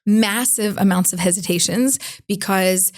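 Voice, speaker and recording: Middle-aged woman, interview guest; animated storyteller who acts out quoted voices, mid-pitched. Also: unhurried.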